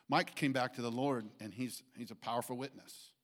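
A pastor giving a sermon in church, halting with frequent restarts and then rising to emphatic points. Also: male voice, medium pitch.

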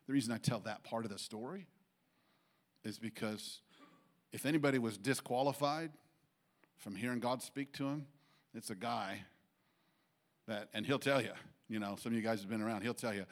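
A pastor giving a sermon in church, halting with frequent restarts and then rising to emphatic points. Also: male voice, medium pitch.

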